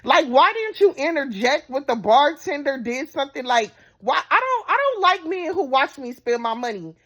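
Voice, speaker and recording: A woman vlogger telling a dating story to her viewers in a hyper, animated and blunt way. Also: sits high, lo-fi sound. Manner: hyper and animated, talks fast in bursts; assertive, blunt. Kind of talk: casual storytelling to camera.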